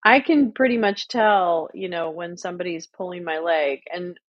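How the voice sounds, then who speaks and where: A woman's voice: fairly low pitch, moderate pace, dry recording. Blunt, sweary woman chatting casually. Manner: blunt, sweary, animated storytelling. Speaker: livestream host. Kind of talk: casual profane chat. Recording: muffled lo-fi audio.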